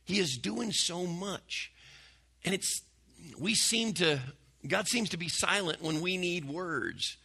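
Gravelly, bright-voiced preacher. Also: male voice, high voice, animated, takes it slowly. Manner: folksy, conversational preaching with restarts and dropping to a hush. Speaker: pastor. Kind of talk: sermon.

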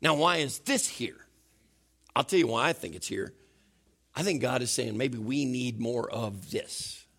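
A male pastor preaching a sermon in an animated, conversational way. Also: mid-range voice, a little slow, gravelly.

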